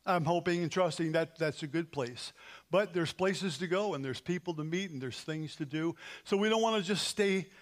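In a church sanctuary, a man serving as pastor leads an earnest closing prayer as part of the sermon, building to emphatic peaks. His voice sits fairly high and moves at a normal speed.

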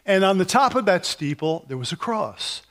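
Male pastor preaching, slightly high voice, chatty storyteller who restarts his sentences. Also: sing-song, fairly bright tone. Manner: conversational, storytelling with frequent restarts; sings hymn lines slowly. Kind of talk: sermon.

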